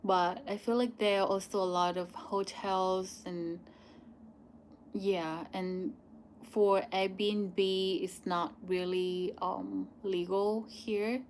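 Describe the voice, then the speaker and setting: Slow-talking Thai woman streamer. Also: medium pitch, steady tone, darkish tone, slight background noise. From Thailand. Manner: chatty, loose, pauses on "like" and "um". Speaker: channel host answering viewer questions. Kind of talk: live stream Q&A chat.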